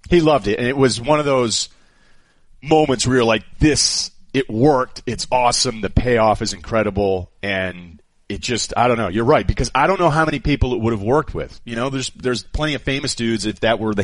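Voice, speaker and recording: A man co-hosting a radio show, telling animated stories and acting out quotes in a casual chat. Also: mid-range voice, brisk, no room sound. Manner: animated storyteller, acts out quotes.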